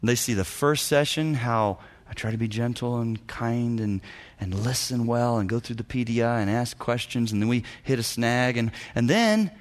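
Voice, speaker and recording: A man, a senior pastor, giving a teaching talk to church leaders and telling stories with lively acted-out dialogue. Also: mid-range voice, moderate pace. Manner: animated storyteller, acts out dialogue, chuckles often.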